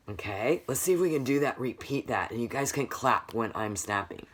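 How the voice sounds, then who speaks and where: A woman's voice: very deep voice, lively intonation, moderate pace, hardly any pauses, slight background noise. A woman music teacher giving a recorded lesson for children, patiently counting beats aloud and quizzing the class as she goes.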